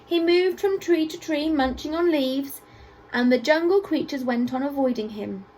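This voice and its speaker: A woman teacher reading a picture book aloud to children at a school assembly, with expressive storytelling and playful asides. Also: high voice, moderate pace, a little hiss or hum, poor audio.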